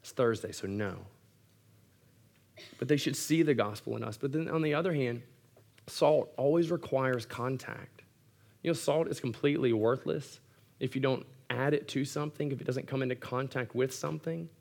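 A man's voice: mid-range voice, moderate pace, gravelly, a little mellow. Male pastor, earnest sermon delivery, mid-range voice, wry asides.

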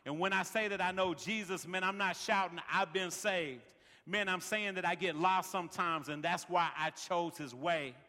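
A man's voice: high voice, moderate pace, pushed and bright, in a large hall. A man preaching a sermon as pastor, peppering his lines with "man" and building rhythmic refrains. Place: large worship center.

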